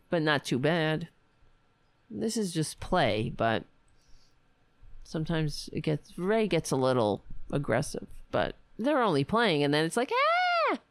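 A woman hosts a casual livestream from home, chatting wryly with her viewers at an unhurried pace. Her voice sits a little low. The sound is dry and close from a home webcam mic. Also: no room sound. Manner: chatty, wry, talks to her pets in a soft coaxing voice. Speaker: livestream host.

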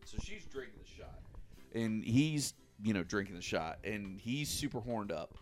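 A podcast co-host tells friends a long, profane story in a casual way, laughing and acting out the people involved with animated energy. His voice is on the low side and moves at a normal speed.

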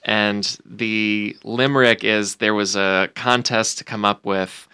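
Podcast co-host, man, clear crisp tone, dry close mic, eager and agreeable. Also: lowish voice, fairly even intonation, slow pace, pushed and bright, dry recording. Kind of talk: casual podcast chat, book discussion.

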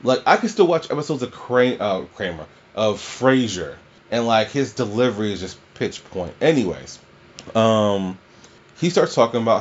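A man's voice: fairly low pitch, expressive, moderate pace, highs cut off, a little hiss or hum. Rambling, cursing male movie reviewer. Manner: rambling and profane, many fillers and restarts. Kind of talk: casual spoken film review.

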